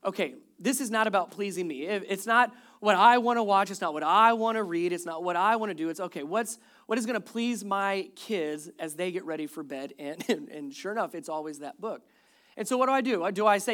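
A man's voice: high-pitched, lively intonation, brisk, a bit bright. A man in his thirties preaching a sermon as pastor, speaking conversationally, with wry humor and repeated emphasis on key words.

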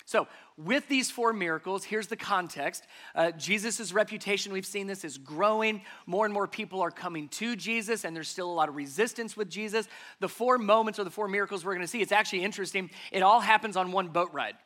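A man delivers a church sermon in a high, bright, forceful voice. He stresses his points by repeating key phrases and building them up. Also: a little fast. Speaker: pastor.

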